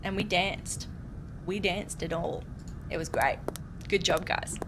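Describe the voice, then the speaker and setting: A woman's voice: fairly low pitch, fairly even intonation, slow, noisy background. A young Australian woman, a game streamer chatting bubbly and giggly with viewers as she plays. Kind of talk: casual let's-play chat.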